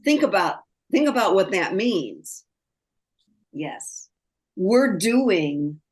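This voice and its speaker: A woman hosting a spiritual podcast, talking with a client over a video call in a slow, searching way that trails off between phrases. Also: medium pitch, very animated. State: tearful, crying. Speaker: spirit messenger, podcast host. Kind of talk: spiritual conversation, channeling.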